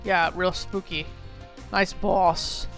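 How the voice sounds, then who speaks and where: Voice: medium pitch, flat delivery, slow, a bit bright, faint music behind. A streamer giving casual gameplay commentary, rambling, swearing and mocking themselves.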